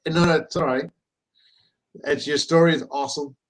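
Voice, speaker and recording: A man hosting a casual chat show, relaxed and easygoing, swearing now and then. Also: on the high side, moderate pace, rough recording. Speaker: host.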